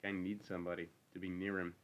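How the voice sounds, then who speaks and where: A man's voice: sits low, little pitch movement, quick pace, highs cut off, natural voice. A man reading the part of a lonely, bitter older stable hand who talks in a brooding, needling rural drawl. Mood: lonely, wistful.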